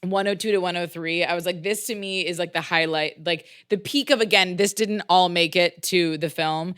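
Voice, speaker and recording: A woman's voice: on the low side, fairly even intonation, normal speed, fairly bright tone, clear, resonant tone. A woman co-hosting a podcast, chatting casually and gushing about a film script, with lots of "like" fillers. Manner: gushing, chatty, heavy use of "like". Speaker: podcast co-host.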